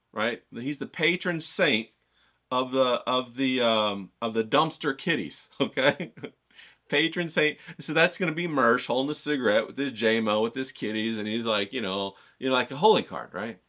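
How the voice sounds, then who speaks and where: A man who teaches a casual video lesson, loud and profane, with lots of "okay?" and "bro", and he keeps going off on tangents. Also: mid-range voice. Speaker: art course instructor.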